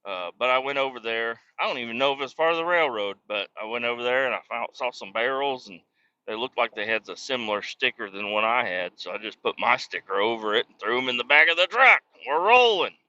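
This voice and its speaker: A man talks in a sharp, forceful voice that has a hard edge. He is a truck driver telling a loose, swearing story as he drives. The recording sounds slightly muffled and lo-fi. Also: medium pitch, expressive, quick pace, clear, resonant tone. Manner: profane, ranting storyteller. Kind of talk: casual rambling monologue.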